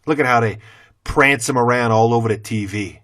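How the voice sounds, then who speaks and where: A middle-aged man, a former teacher, delivering a blunt, profane opinion rant to the camera with heavy cursing and sudden loud swings into mockery. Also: medium pitch, fairly quick. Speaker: former teacher turned channel host.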